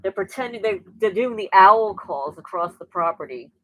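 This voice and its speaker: A woman, hosting a casual livestream from home, reading viewer comments in an animated way and often repeating her words. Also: medium pitch, moderate pace, low-quality recording. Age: 60s. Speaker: livestream host. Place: rural home indoors. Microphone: laptop mic.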